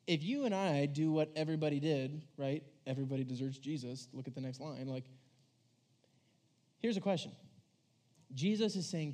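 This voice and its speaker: A man preaching a casual sermon to a church audience, conversational and animated, acting out voices and saying "like" a lot. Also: on the high side, normal speed, pauses often. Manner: animated, conversational, acts out voices, says "like" often.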